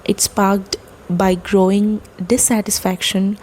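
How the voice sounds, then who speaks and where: A woman giving a lecture, explaining poetic terms step by step, with fillers and pauses. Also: medium pitch, little pitch movement, darkish tone, a little hiss or hum, poor audio.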